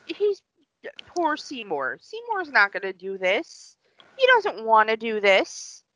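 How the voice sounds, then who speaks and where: A woman's voice: fairly high pitch, wildly swooping pitch, takes it slowly, pushed and bright, no echo. A woman co-hosting a podcast, casually retelling a movie plot with rambling asides and many fillers. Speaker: podcast co-host. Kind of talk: casual film recap.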